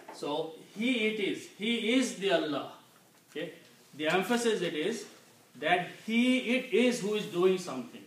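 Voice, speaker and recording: A man teaching Quranic Arabic vocabulary, explaining each word slowly and patiently, often checking in with "Okay?". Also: high-pitched. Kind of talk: slow explanatory lesson. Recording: echoey room, mic at a distance, faint noise.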